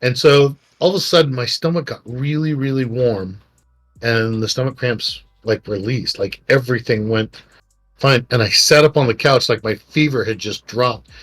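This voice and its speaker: A middle-aged man, a podcast co-host, telling personal stories in a rambling, animated way and acting out quotes. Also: medium pitch, normal speed. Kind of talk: casual storytelling chat. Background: faint background music.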